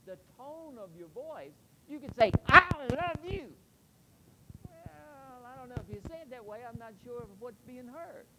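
A middle-aged man preaching a sermon in an earnest, emphatic way, slowing down to stress key points. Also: extremely high pitch, expressive, noisy background. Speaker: pastor.

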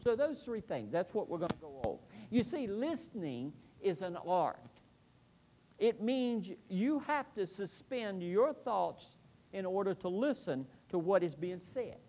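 A middle-aged man preaching a sermon in an earnest, emphatic way, slowing down to stress key points. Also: high-pitched, big pitch swings, warm tone, slight background noise. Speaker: pastor.

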